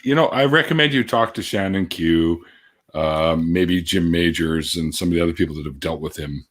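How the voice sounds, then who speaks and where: A man's voice: sits low, moderate pace, a bit bright. A man hosting a casual chat, joking with his guest and laughing easily. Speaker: podcast host.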